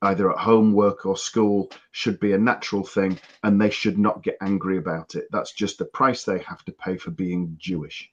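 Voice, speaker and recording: A man's voice: sits low, level tone, normal speed, hardly any pauses. A man from the UK talking earnestly and disapprovingly in a casual podcast chat. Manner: earnest, disapproving, many restarts. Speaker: podcast co-host. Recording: dull lo-fi audio.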